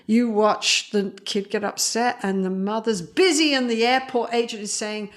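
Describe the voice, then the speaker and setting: A woman psychologist speaking as an interview guest, telling stories in a lively way, acting out other people's voices and laughing often. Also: on the high side, normal speed, few pauses. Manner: animated, acts out quoted voices, laughs often. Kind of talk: conversational interview storytelling.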